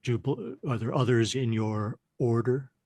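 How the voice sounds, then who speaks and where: A man's voice: mid-range voice, unhurried, a little mellow, no room sound. A man playing a tabletop game in character, hesitant and stumbling over his words. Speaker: player. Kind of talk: in-character tabletop role-play.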